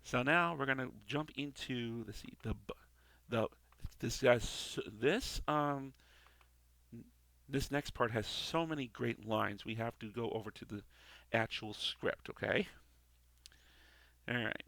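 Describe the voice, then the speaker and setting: A man's voice: mid-range voice, a little slow, gravelly, pauses often, fairly bright tone, dry recording. A man casually reviewing a TV episode, rambling with many restarts and tag questions. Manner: rambling, repeats "okay" and "all right". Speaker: TV show reviewer. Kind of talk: casual commentary.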